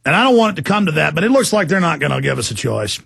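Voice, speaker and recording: Fired-up talk radio guy ranting, gravelly voice, dry close sound. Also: on the high side, very animated, very fast, a bit bright, no echo. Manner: impassioned, ranting. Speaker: talk show host. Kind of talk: political talk radio monologue.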